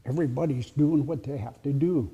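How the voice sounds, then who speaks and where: Brief: male oral storyteller, gravelly voice, suspenseful whispered asides. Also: medium pitch, dark tone, highs cut off. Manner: dramatic pauses, drops to whispers for suspense. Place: heritage center presentation.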